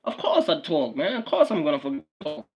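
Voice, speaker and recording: A man's voice: a little high, big pitch swings, brisk, muffled recording. A man, a Swati speaker, ranting casually and profanely on a livestream, repeating himself and often laughing. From South Africa. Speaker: YouTube streamer.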